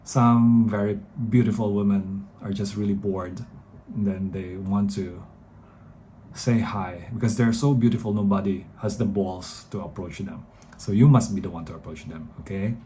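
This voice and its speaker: A man's voice: lowish voice, steady tone, moderate pace, mellow, a little hiss or hum. A man in his thirties with a Filipino English accent, chatting rambly dating advice straight to viewers. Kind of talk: casual advice talk to camera.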